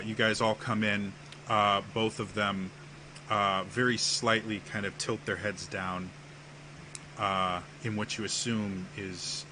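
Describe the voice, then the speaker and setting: Slow, hesitant male game master. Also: on the low side, background noise. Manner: slow, hesitant, many fillers. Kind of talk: narrating a tabletop game.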